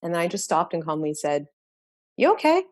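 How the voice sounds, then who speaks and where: A woman's voice: low-pitched, little pitch movement, fast, dry recording. A woman educator, a podcast guest, earnestly recounting classroom experiences in conversation, with frequent restarts and repeated words. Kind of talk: reflective storytelling in conversation.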